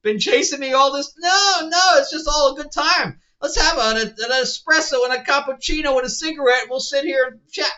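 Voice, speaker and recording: A man's voice: extremely high pitch, a little fast, few pauses, bright, forceful tone, muffled recording, voice pushed up. A man mocking a gushing, oblivious young hero. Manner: mocking, exaggerated sing-song chatter.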